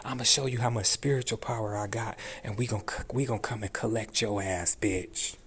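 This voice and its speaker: A man's voice: on the low side, fairly even intonation, normal speed, fairly bright tone, slight background noise. A man hosting a commentary video, ranting in a furious, profane and taunting way, repeating his threats over and over. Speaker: channel host.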